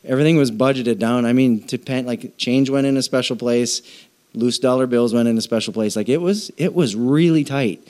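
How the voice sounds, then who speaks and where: A middle-aged man preaching a conversational sermon on generosity, with jokes and animated asides. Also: medium pitch, moderate pace. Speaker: pastor.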